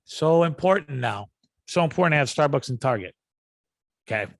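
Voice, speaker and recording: A man's voice: medium pitch, lively intonation, normal speed, no room sound. A man hosting a podcast, rambling through a comic rant. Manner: ranting, rambling, acts out yelling. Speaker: podcast host. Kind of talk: comedic rant.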